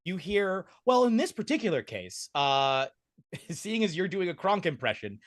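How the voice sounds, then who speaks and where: Male gm rambling through the scene, pitch jumps all over, dry mic. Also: sing-song, moderate pace, dry recording. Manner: rambling, full of fillers and restarts. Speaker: game master. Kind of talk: narrating a tabletop game.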